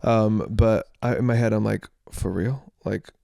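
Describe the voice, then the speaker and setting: Gravelly-voiced male podcast co-host. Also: lowish voice, a little slow, dry recording, studio quality. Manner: animated retelling, acts out others' lines. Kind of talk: casual storytelling chat.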